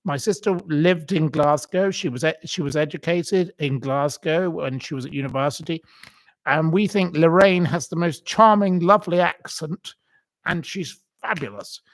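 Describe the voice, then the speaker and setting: A man's voice: fairly high pitch, moderate pace, dry recording. A man hosting his own commentary channel, talking in a theatrical, indignant monologue with exaggerated swoops of emphasis. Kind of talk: opinionated monologue.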